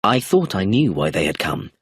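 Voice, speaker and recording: A man reading a novel aloud as narration for English learners, clear and measured. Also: lowish voice, very animated, dry recording, studio quality. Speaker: audiobook narrator.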